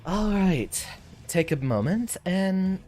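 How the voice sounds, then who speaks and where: A man's voice: high-pitched, big pitch swings, slow, darkish tone, faint music behind. A man streaming a fighting game, chatting and thinking aloud as he plays, now and then laughing. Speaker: VTuber streamer. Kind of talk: live gameplay commentary.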